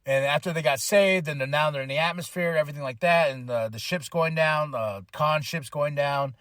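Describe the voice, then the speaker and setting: A man's voice: fairly high pitch, a little fast, fairly bright tone, no room sound, studio quality. A man hosting a podcast, casually retelling a film plot in a slangy, rambling way full of fillers. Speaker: podcast host. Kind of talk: casual movie review recap.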